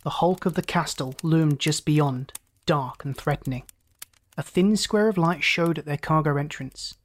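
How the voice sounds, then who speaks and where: A narrator reading a story aloud in a steady, dramatic way. The pace stays even, with pitch in the middle range for a reader. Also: measured pace. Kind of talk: audiobook narration.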